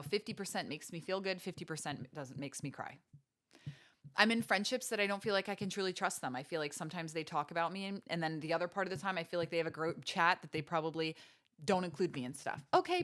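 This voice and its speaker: A woman's voice: fairly low pitch, animated, fast talker, a bit bright. Earnest woman podcaster asking pointed questions. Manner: earnest, preachy, rhetorical questions. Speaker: podcast host. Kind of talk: motivational faith-based podcast talk.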